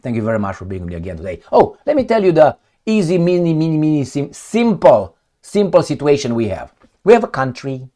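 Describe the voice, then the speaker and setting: A man's voice: on the high side, very animated, brisk, dark tone. A man hosting heated political commentary, sarcastic and indignant, firing off rhetorical questions.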